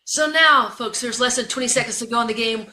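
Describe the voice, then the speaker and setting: Middle-aged woman, speaker and coach, animated storyteller, bright tone, echoey room. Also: on the high side, a little fast. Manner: lively, addresses listeners as folks. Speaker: guest, keynote speaker and coach. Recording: roomy echo.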